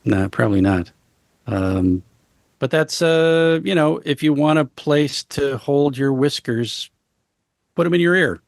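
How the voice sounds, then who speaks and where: A man as an interview guest, talking casually in a halting way with many fillers and deadpan jokes. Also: a little high, creaky, no echo, clean studio sound. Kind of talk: casual conversation.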